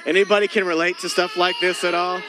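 A man's voice: sits high, flat delivery, quick pace, long reverb tail, music in the background. A man in his thirties preaching a casual, joking sermon as a pastor, talking straight to his congregation. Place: church hall.

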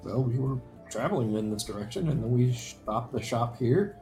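A man's voice: mid-range voice, animated, moderate pace, gravelly, mellow, soft background music. A man playing a tabletop game, speaking casually in character. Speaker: player.

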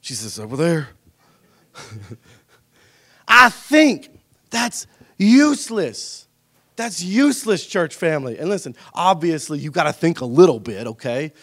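A preacher with a fairly high voice delivers a sermon in a church, dropping low and soft before bursting into shouted emphasis. His pitch leaps around, and he keeps calling out to the congregation, pulling them in for a response. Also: big pitch swings, slow pace, pauses often. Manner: swings from hushed and intimate to shouted emphasis, calls for response. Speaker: pastor. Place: church sanctuary.

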